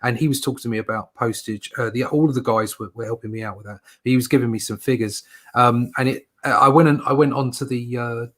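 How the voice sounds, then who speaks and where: British man, casual chat host, rambling, lots of ums, bright voice. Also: mid-range voice, fairly even intonation, fast. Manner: rambling, lots of fillers and restarts.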